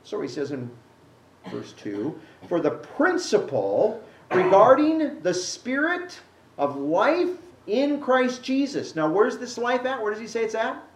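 A man preaching a Bible-teaching sermon and answering a question from the congregation, animated, acting out the scripture he quotes. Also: high voice, slow. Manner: animated, acts out quotes with rising voice. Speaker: pastor. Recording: echoey room, mic at a distance.

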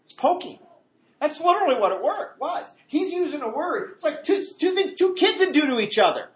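A man's voice: very high-pitched, brisk. A man preaching a verse-by-verse Bible study, talking conversationally and jumping his voice up to act out quotes. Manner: animated, acts out quotes in a raised voice; conversational asides and restarts. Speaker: pastor.

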